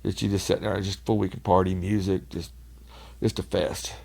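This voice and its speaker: A man, a podcast guest telling rambling party stories in casual chat, laughing often and getting loud when he acts out other people. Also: low-pitched, little pitch movement, normal speed, gravelly.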